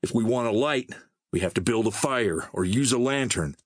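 Hot-headed young male scavenger, snappy and scornful, lively, husky , read by a male narrator. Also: mid-range voice, normal speed, no echo, clean studio sound, natural voice.

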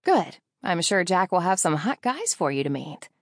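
Woman narrator putting on a loud gushy bestie, higher and louder than her narrating, a bit of fry, dry close sound. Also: sing-song, moderate pace, dry recording. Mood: excited. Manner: loud, gushing, teasing. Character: bubbly excited best friend woman. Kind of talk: audiobook character voice.

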